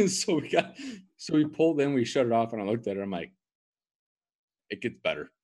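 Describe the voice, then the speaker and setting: A man's voice: medium pitch, lively intonation, fast, a little mellow. A young man co-hosting a casual podcast, telling stories in a laid-back way with lots of "like". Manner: laid-back, filler-heavy storytelling. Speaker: podcast co-host. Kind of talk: casual chat.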